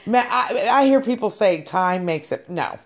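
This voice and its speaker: A woman's voice: mid-range voice, animated. A woman in a casual family conversation, chiming in with short, sympathetic replies. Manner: sympathetic interjections, quick replies. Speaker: relative listening.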